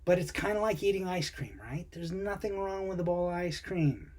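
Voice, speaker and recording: Husky-voiced man giving casual motivational talk. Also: high-pitched, normal speed. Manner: conversational, relaxed, asks the viewer questions. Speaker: purpose coach.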